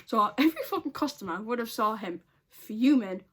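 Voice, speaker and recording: A woman's voice: a little high, animated, moderate pace, a bit bright. A woman telling a storytime vlog in a casual, blunt way, swearing a lot and laughing often. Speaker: vlogger.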